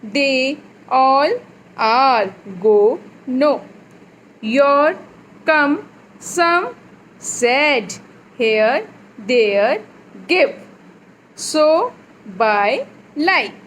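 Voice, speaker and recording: Slow high-voiced woman teaching phonics. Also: lively intonation, a bit bright, slight background noise, low-quality recording. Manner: slow, clear, repeats words for a child. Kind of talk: phonics lesson for young children.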